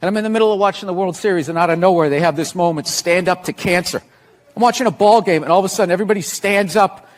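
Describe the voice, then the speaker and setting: A man's voice: high voice, racing. A man riffing bluntly and sarcastically as a comedian, in stand-up and interview clips. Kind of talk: comedy riffs and interview answers. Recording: clip with loud background noise.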